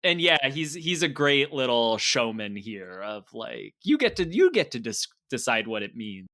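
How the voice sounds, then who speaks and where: A man co-hosts a podcast in a bright, forward voice at a middle pitch, recorded dry with no room sound. He works through his ideas thoughtfully and analytically, keeping the tone casual. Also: very animated, moderate pace, dry recording. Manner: thoughtful, analytical, laughs easily. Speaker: podcast co-host. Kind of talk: casual chat.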